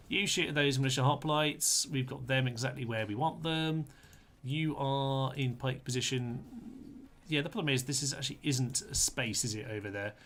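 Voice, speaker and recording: A man's voice: medium pitch, fairly bright tone. A man giving chatty live commentary on a strategy game, talking to his troops in a playful way and laughing often. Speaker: gaming streamer.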